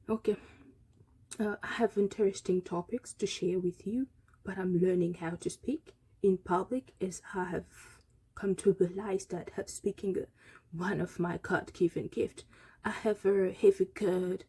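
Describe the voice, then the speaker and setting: A woman talking to camera in a reflective, halting way, restarting her sentences. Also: on the low side, steady tone, warm tone, husky. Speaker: vlogger. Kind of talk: casual vlog monologue.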